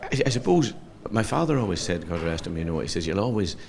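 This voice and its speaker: Deep-voiced Donegal man telling stories. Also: big pitch swings, fast talker, vocal fry, darkish tone. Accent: Donegal Irish. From Ireland. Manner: chatty anecdotal storyteller, repeats words. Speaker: comedian and playwright guest. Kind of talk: casual interview chat.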